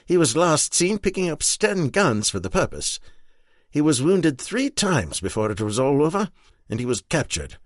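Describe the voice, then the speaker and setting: Man doing an earnest officer giving a report, higher voice, dry close sound. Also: sing-song, normal speed, no echo.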